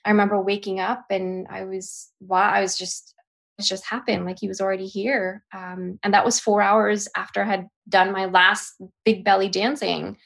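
Gravelly-voiced woman telling a personal story. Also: medium pitch, flat delivery, a bit bright. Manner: emotional, halting retelling with restarts. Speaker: podcast guest. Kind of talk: personal storytelling in a podcast interview.

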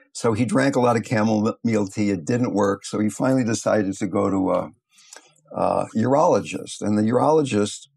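Older guy teaching meditation, lowish voice with lots of gravel, calm storytelling. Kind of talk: reflective talk with storytelling.

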